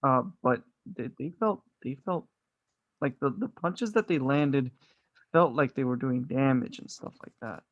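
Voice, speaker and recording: A man's voice: mid-range voice, moderate pace, no room sound, narrow, tinny audio. Enthusiastic, swearing man reviewing a movie. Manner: enthusiastic, swears often, loose rambling. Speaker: podcast co-host. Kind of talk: casual movie review chat.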